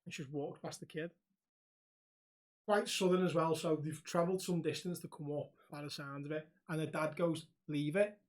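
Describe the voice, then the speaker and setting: A man's voice: a little high, moderate pace. A young man chats loosely on a podcast. He tells stories with plenty of laughs and swearing thrown in. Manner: animated storyteller, laughs often, swears freely. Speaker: podcast co-host. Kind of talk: casual chat.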